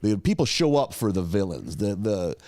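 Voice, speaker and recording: A man's voice: on the low side, very animated, normal speed, a little mellow, no echo. A man co-hosting a podcast, casually recapping episodes in a laid-back way, with lots of swearing. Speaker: podcast co-host.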